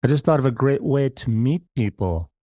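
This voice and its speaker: A man's voice: mid-range voice, lively intonation, normal speed, mellow, no room sound, clean studio sound. Playful, curious male podcast host. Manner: playful, curious, asks many questions. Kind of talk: casual interview chat.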